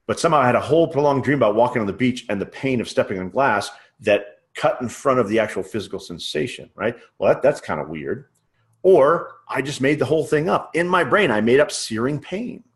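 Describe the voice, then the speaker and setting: A man's voice: mid-range voice, animated, a little fast. A man giving a sales training lecture in a conversational way. He often checks in with the listener and uses everyday examples. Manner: conversational, checks in with frequent "right?". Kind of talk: teaching lecture.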